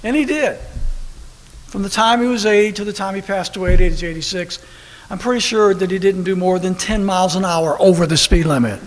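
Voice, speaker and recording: A man preaching a sermon at a church service, telling a story with lively, animated delivery that bursts into shouting. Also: high voice, fairly quick. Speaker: pastor. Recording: long hall reverb with faint noise.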